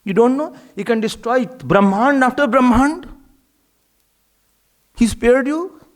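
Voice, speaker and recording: A man voicing an angry goddess mother who scolds a warrior with shrill, repeated questions. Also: fairly even intonation, fast talker, vocal fry, a bit bright, heavily acted. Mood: indignant.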